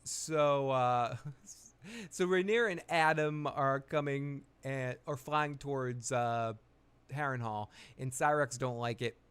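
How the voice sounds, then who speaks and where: A man's voice: medium pitch, slow, a bit bright, clear, resonant tone. A man hosting a live television recap, retelling scenes in a crude, joking, rambling way. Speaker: host of a live TV recap show. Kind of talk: casual live recap commentary.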